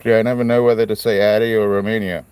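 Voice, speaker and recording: A man's voice: lowish voice, little pitch movement, fast talker, darkish tone, clean tone. A man hosting a casual live stream, chatting in a rambling, friendly way and greeting viewers by name. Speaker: livestream host cutting stones.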